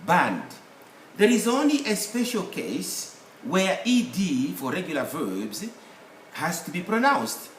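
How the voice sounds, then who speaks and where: A man teaching English pronunciation, speaking slowly and deliberately and repeating each word for drill. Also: on the high side. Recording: echoey room with faint ambient noise.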